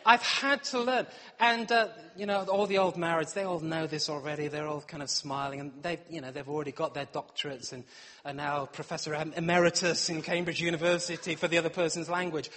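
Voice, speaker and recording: A middle-aged man preaches a humorous sermon in a playful, self-mocking way, acting out little scenes. His voice sits high for a man. A long reverb from the church hall trails behind him. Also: fairly even intonation, a little fast, fairly bright tone, a little hiss or hum. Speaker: pastor.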